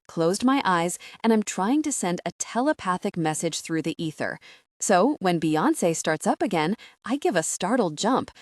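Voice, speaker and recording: A woman narrating a romantic comedy audiobook in the first person, expressive and wry. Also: medium pitch, no room sound, clean studio sound. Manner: expressive, wry, animated storytelling.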